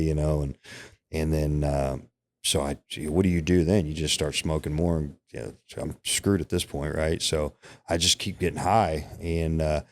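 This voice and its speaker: This is a middle-aged man with a notably deep, low voice, speaking as a podcast guest. He tells an emotional personal story in a candid, conversational way. He keeps checking that his listeners follow along. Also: steady tone, normal speed. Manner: candid, emotional storytelling with frequent "right?" and "you know". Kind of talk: personal storytelling in casual interview.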